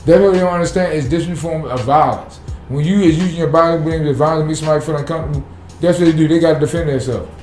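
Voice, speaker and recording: Man, rapid blunt talk, mellow tone, roomy echo, faint music. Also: on the high side. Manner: blunt, profane, fired-up. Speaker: city sanitation worker, guest. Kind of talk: casual podcast interview.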